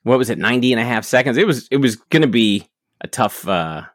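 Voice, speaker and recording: Man, podcast co-host, lively pitch, dry sound, sarcastic news quips, casual banter. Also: fast talker, no room sound. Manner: runs through news items with sarcastic quips.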